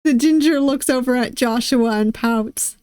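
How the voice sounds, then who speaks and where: A woman's voice: fairly high pitch, unhurried, a little mellow, clear, resonant tone, dry recording, studio quality. A woman streamer reading a visual novel aloud, giggling and poking fun at her own attempts at voices. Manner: giggly, self-deprecating. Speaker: VTuber game streamer.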